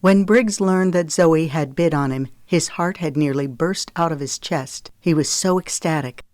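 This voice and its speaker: A woman narrating a romance audiobook in a steady, expressive reading. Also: low-pitched, a little slow, no echo, clean studio sound.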